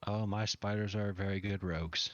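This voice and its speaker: A man narrating as game master of a tabletop game, relaxed and amused, over a dry, dull recording. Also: lowish voice, normal speed, no room sound.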